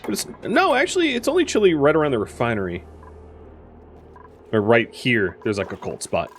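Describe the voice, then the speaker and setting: A man's voice: mid-range voice, very animated, moderate pace, faint music behind. A young man casually commenting on his colony game as he plays, rambling and correcting himself with lots of fillers. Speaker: gaming streamer. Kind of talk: casual let's-play commentary.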